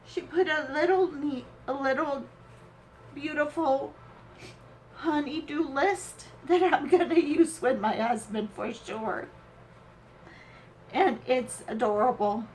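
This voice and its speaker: A high-voiced woman opens a craft swap package, gushing and sentimental. She talks very slowly, breaking off with pauses and fillers, against a faint background hum. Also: darkish tone, low-quality recording. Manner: gushing and sentimental, exclaims often. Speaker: crafting vlogger.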